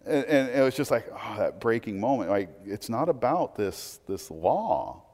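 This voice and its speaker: Conversational preacher in a reverberant hall. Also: male voice, mid-range voice, big pitch swings, moderate pace, hardly any pauses, a little mellow. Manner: conversational preaching, frequent "right?" asides. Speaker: pastor. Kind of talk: sermon.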